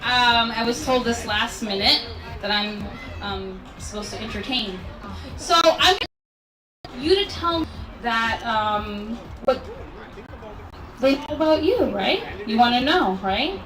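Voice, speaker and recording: A woman's voice: fairly high pitch, lively intonation, takes it slowly. A woman leading guests in a party game, playful and a bit teacherly as she coaxes them to speak up. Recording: echoey hall, distant mic, crowd.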